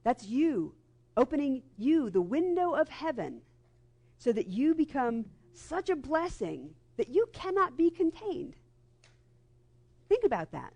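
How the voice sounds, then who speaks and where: A middle-aged woman giving a sermon as guest minister, in a lively conversational way, into a live microphone before a congregation. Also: high-pitched. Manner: lively and conversational, acts out quoted voices. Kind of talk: sermon with storytelling. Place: church sanctuary before a congregation.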